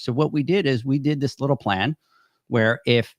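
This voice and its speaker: A man's voice: medium pitch, normal speed, no room sound, studio quality. A man co-hosting a podcast, telling a work story in casual chat and acting out quoted lines. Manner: storytelling, acts out quoted dialogue. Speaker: podcast co-host.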